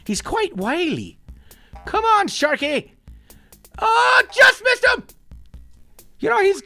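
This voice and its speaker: A man voicing a cheeky, excitable Irish leprechaun who plays a mobile game and shouts at the action, in an Irish accent. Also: very high-pitched, exaggerated voice. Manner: excitable, exclamatory, jokey stage-Irish. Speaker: gaming channel character. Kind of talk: playing a mobile game with commentary. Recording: faint background music.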